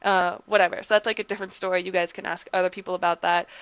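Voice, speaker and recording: A young woman talks straight into her streaming mic, blunt and heated, peppering every sentence with "like" and curses. Her voice is bright and clean, sitting a little high, and the sound is dry and close. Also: level tone, very fast, smooth, no room sound, highs cut off. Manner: blunt, heated, heavy use of "like" and swearing. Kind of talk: casual storytelling on a livestream.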